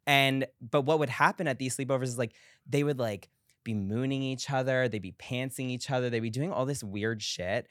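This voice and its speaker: Young male guest, lively storyteller, mid-range voice, dry close mic. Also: medium pitch, normal speed, dry recording. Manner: animated storyteller, acts out quotes. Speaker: podcast guest. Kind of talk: casual chat.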